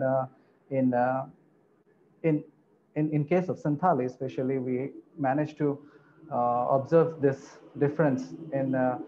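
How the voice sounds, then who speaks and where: A man giving an academic conference presentation, pausing often with fillers. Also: mid-range voice. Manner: halting, frequent filler pauses. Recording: dull lo-fi recording, faint noise.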